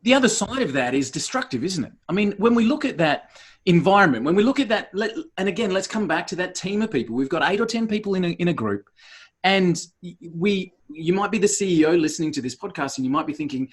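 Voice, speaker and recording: A man's voice: high voice, big pitch swings, brisk, breathy edge. A male podcast host thinking aloud and summing up his guest's points in a casual interview.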